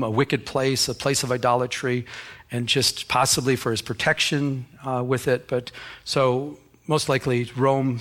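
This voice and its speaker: A pastor preaches a sermon conversationally, acting out little stories. His voice is mid-range with a fairly bright tone.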